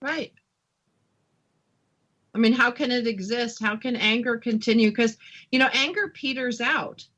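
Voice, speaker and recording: A woman's voice: on the high side, unhurried, pauses often, a bit bright, lo-fi sound. A woman hosting a radio talk show, agreeing with her guest and chiming in with short remarks. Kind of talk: radio interview, conversational.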